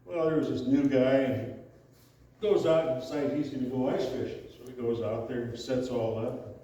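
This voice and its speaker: An actor on stage playing a folksy male fishing buddy who tells drawn-out jokes, recorded in an echoey hall from far off. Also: medium pitch, steady tone, warm tone, highs cut off, natural voice. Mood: joking. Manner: drawling storyteller, slow tall tales. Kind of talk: stage play acting. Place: theater stage. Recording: echoey hall, far from mic, faint noise.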